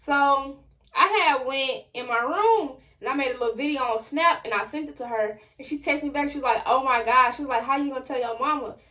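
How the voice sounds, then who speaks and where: A young adult woman telling a personal story straight to her viewers in a casual, slangy, animated way. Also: high-pitched, brisk. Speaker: vlogger.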